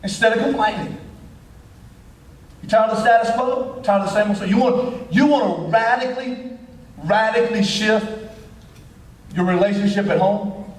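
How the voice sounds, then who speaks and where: A man preaching a sermon as the pastor, in a folksy, animated style sprinkled with dialect. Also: sits high, moderate pace, pauses often. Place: church sanctuary. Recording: echoey church hall from far off.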